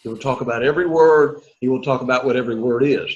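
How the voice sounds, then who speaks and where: A man's voice: mid-range voice, fast, dull audio. A middle-aged man teaching a Greek class, lecturing to students in an emphatic way and repeating his key points.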